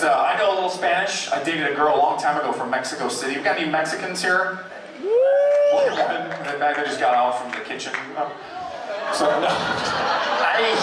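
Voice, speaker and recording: A man doing a stand-up comedy set in a club, rambling with lots of fillers and shrill put-on voices for the people he quotes. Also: far from the mic, noisy background. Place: comedy club stage with audience. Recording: very echoey club audio from afar. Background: audience laughter and room ambience.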